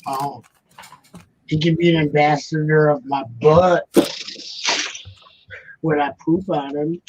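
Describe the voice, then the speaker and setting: Joking, mock-grumpy man, fairly high. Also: fairly even intonation, takes it slowly, darkish tone, husky, dull audio. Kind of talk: casual live-stream chat.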